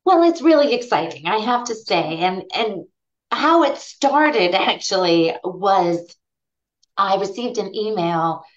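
A woman's voice: medium pitch, lively intonation, takes it slowly. A woman guest in a podcast interview who tells anecdotes animatedly and acts out the voices in them. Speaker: guest ethnobotanist. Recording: dull lo-fi sound.

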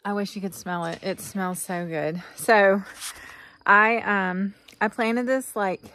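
A woman's voice: medium pitch, steady tone, slow pace, pushed and bright. A middle-aged woman, chatting casually to her viewers in a rambling vlog from outdoors on a farm. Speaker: farm vlogger. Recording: faint outdoor noise.

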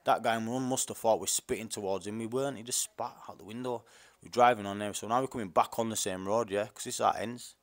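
A man's voice: on the low side, steady tone, fast talker. A young adult man, talking straight to listeners in an indignant, rambling rant full of street slang and repeated words. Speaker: podcast host. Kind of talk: casual monologue.

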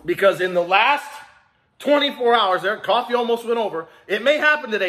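Brisk and expressive, his high voice carries a fairly bright tone. He runs a small business video blog and talks straight to the camera, pumping viewers up until the casual vlog becomes emotional.

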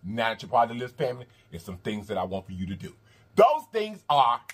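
A man hosting a mukbang eating video in casual chat, animated and repetitive, calling his viewers y'all and honey. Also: mid-range voice, fast talker, husky. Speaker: mukbang host. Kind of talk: casual eating vlog talk.

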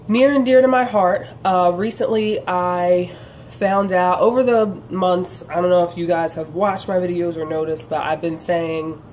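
A woman's voice: fairly low pitch, a little mellow, slight background noise. A woman vlogging to camera in an earnest, encouraging way. Her voice sounds congested and nasal from a sinus problem, and she fills her talk with "um" and "you know". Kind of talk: casual direct-to-camera chat.

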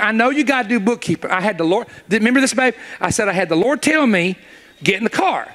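A middle-aged man preaching a sermon, telling a story, acting out the dialogue and building up to shouts. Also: high-pitched, sing-song, fairly quick.

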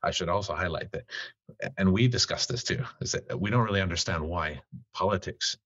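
Very deep husky man, Finnish-tinged Canadian. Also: a little fast, fairly bright tone, no room sound. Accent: Canadian English with a Finnish tinge. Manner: reflective, restarts phrases while searching for words. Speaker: podcast guest. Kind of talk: casual interview talk. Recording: dull lo-fi dry sound.

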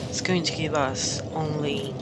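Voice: medium pitch, steady tone, measured pace, heavy background noise. A gamer casually narrating a play session, reacting aloud, swearing and calling out "mate" often. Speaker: gameplay commentator. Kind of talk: casual let's-play commentary. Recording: loud game music under voice.

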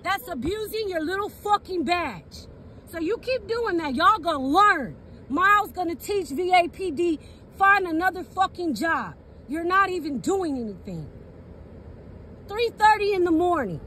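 Sitting in a parked car outdoors at night, a woman films a police encounter on her phone, angry, repetitive and swearing. Her voice is very high-pitched, bright and forceful, expressive, at a measured pace. There's a little hiss or hum.

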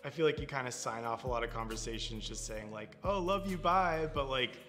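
A man speaks sincerely and shyly in a candid interview. His voice is bright and mid-pitched, with faint music behind it. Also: fairly even intonation, fast. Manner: shy, sincere, laughs softly. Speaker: interviewee calling his parent.

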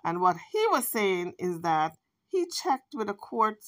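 A woman's voice: medium pitch, very animated, unhurried, fairly bright tone. A woman hosting a commentary vlog, recapping an argument in a chatty, speculating way. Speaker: commentary channel host.

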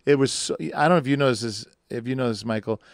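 A pastor speaks fast in a gravelly, mid-range voice during a casual conversation on a podcast, recorded in a clean studio with no echo. He rambles and jokes, acting out the people he quotes.

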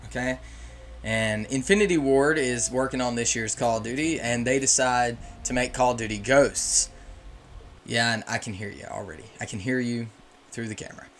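A man's voice: mid-range voice, fairly bright tone, slight background noise. A young man, a gaming YouTuber, giving an opinionated, ranting commentary. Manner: opinionated and ranting, with emphatic swings. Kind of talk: casual commentary.

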